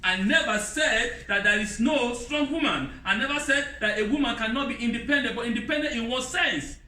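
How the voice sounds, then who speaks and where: A man preaching a sermon in non-native English with broken grammar, lively, mimicking other voices in a high pitch. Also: brisk. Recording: roomy hall, voice from a distance.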